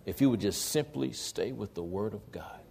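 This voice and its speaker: A man's voice: fairly low pitch, moderate pace, gravelly. A man in his forties preaching a sermon, telling stories animatedly and acting out dialogue. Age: 40s. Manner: animated storytelling, acts out dialogue. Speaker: pastor.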